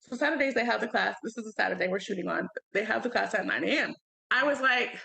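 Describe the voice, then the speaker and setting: A woman's voice: a little high, fast, gravelly, pushed and bright. A young woman co-hosting a casual podcast chat, earnest and emphatic, with casual slang. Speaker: podcast co-host.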